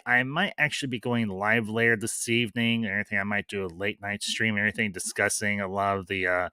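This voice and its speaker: Bright-voiced man hosting a chatty stream. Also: lowish voice, clear, resonant tone, no echo. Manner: chatty, loose, many fillers and restarts, greets chat viewers. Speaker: livestream host reviewing a series. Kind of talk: casual live-stream review, reading chat.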